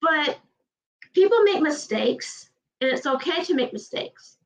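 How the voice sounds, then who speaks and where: A woman's voice: high voice, lively intonation. A woman from Georgia with a Southern accent, talking emphatically in casual chat as host of a livestream. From Georgia, USA. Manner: fast, emphatic, repeats herself. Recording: distant, dull livestream audio.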